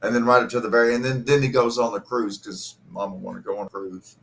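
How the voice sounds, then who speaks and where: A man's voice: mid-range voice, level tone, quick pace, vocal fry, a bit bright, slight background noise. A middle-aged man hosting a live stream, telling a personal story in a profane, emotional and bitter way. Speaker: host.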